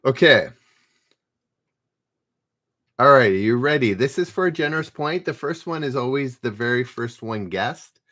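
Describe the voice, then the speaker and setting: A man's voice: mid-range voice, lively intonation, moderate pace, a bit bright. A man hosting a live trivia stream, reading questions aloud and chatting easily with viewers in the chat, laughing often. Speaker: trivia game host.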